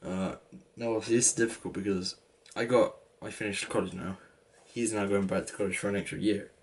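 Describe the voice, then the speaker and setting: A man's voice: fairly low pitch, steady tone, brisk, a little hiss or hum. A young man in his late teens with an English accent, rambling through a casual story with lots of "like" and restarts. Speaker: vlogger.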